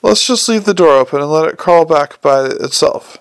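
A man doing a sharp, brisk young woman. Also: on the high side, expressive, clear, resonant tone, no echo. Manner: brisk, sharp, matter-of-fact.

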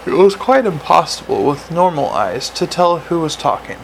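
A man narrating a fantasy audiobook in a dry, measured way. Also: a little high, big pitch swings, vocal fry, slight background noise, rough recording. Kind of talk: audiobook reading.

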